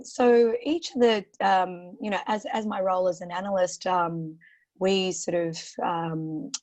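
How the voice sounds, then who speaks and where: An Australian woman with a croaky voice, answering interview questions as a guest on a webinar, talking steadily with lots of "you know" and "um" fillers. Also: on the low side, a little mellow. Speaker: portfolio manager guest.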